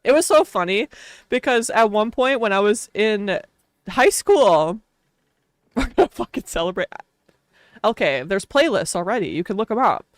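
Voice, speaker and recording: A woman's voice: medium pitch, animated, normal speed, no echo, studio quality. A young woman from Wisconsin with a Wisconsin accent, chatting casually on a stream, rambling and laughing often.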